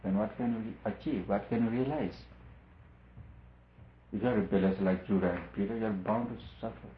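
A man with a fairly low voice delivers a spiritual discourse as a teacher, measured and emphatic, repeating his points again and again. The sound is thin and phone-like, with a roomy echo around him. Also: steady tone, a little hiss or hum. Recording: echoey room, phone-like lo-fi sound.

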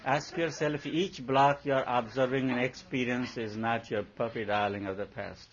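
A man's voice: medium pitch, fairly even intonation, moderate pace. A man giving a spiritual discourse as a teacher, asking rhetorical questions and telling playful stories. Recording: dull lo-fi recording.

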